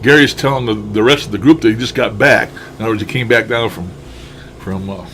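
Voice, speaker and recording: Brisk and fairly bright despite a lowish pitch, the man chats casually over playback of his paranormal recordings. He chuckles often, thinks aloud, and swears here and there, with a little hiss or hum present.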